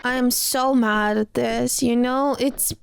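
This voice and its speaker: A woman with a high voice reacts to a movie in casual, excitable commentary, with her emotions running high. A faint hiss sits under her voice. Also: takes it slowly, vocal fry.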